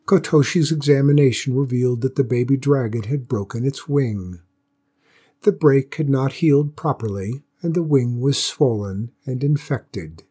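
Male storyteller, dark husky voice, measured folktale read. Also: medium pitch. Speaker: narrator. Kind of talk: storybook reading.

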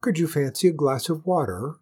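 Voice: mid-range voice, animated, brisk, darkish tone, slightly rough. A storyteller voicing a magic hare who speaks mildly and reasonably. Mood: calm. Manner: mild and reasonable. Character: calm, polite magic hare.

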